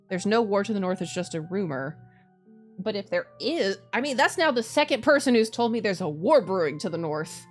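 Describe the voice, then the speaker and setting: A woman's voice: medium pitch, expressive, a little fast, faint music behind. A woman streamer chatting casually while playing a game, restarting her sentences and laughing often. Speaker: VTuber streamer. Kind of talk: casual gaming commentary.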